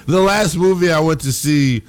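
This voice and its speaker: A man hosting a sports talk program, talking in a lively, chatty way. He gets excitable and animated, riffing casually between points. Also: fairly high pitch, normal speed. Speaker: sports show host. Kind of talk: sports talk show commentary.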